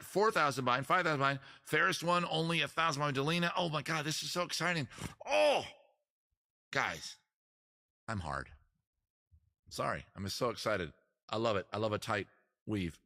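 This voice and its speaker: A man's voice: medium pitch, bright, forceful tone. A man hosting a casual live-stream trivia quiz, joking around and teasing the players. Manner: joking, teasing, crude asides. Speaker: host running a trivia quiz.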